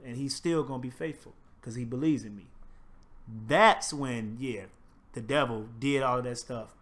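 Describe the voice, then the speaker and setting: A man in casual chat, animated and profane, retelling stories with acted-out quotes. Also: medium pitch, moderate pace.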